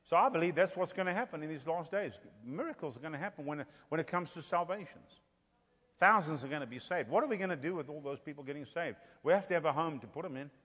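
A man's voice: on the high side, expressive, quick pace, fairly bright tone, slightly rough. A man with an African accent preaching a sermon, telling stories and building to fervent emphasis. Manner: storytelling, rising to fervent emphasis. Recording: long hall reverb.

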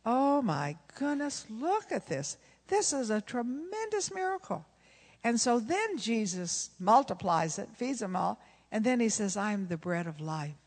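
Animated woman preaching in a big echoing hall. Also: a little high, a little slow, slightly rough. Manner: animated, acts out dialogue, laughs often. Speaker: pastor's wife and preacher. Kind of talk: sermon with storytelling. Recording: long reverb of a large hall.

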